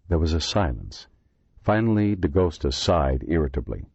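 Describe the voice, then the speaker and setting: A man reading a horror thriller audiobook in expressive, measured narration. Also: a bass voice, breathy edge, no room sound. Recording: dull lo-fi dry recording.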